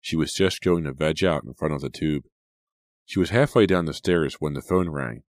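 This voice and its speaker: A man with an extremely deep, low voice reads a horror story aloud, measured and suspenseful. The sound is dry and close, with no room around it. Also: no room sound. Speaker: audiobook narrator. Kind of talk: scripted horror narration.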